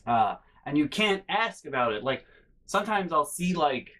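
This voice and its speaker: A man telling comic stories on his video channel, rambling deadpan with many fillers. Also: on the high side, normal speed, rough recording. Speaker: YouTuber. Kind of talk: comedic storytime vlog.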